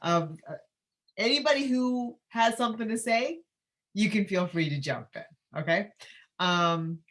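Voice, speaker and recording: A woman moderating a panel Q&A over a video call, effusive and emotional as she talks. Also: fairly low pitch. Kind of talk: hosting a panel Q&A.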